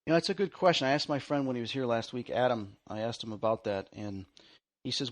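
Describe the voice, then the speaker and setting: A man hosting a casual conversation, an excitable storyteller who acts out the lines he quotes. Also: mid-range voice, quick pace. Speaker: host.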